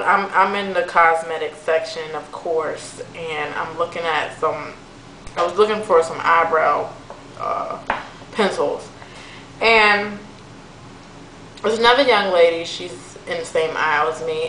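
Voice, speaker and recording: Young woman ranting on her vlog, bright voice, roomy echo, lots of um and like. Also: lowish voice, a little hiss or hum. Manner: chatty and exasperated, many fillers. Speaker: vlogger. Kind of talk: casual venting vlog. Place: room at home.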